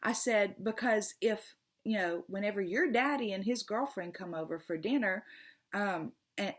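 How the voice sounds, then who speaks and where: A woman's voice: medium pitch, moderate pace. Passionate, stumbling middle-aged woman. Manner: earnest, gets passionate and loud, stumbles and repeats words. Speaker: tarot channel host. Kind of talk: casual vlog monologue.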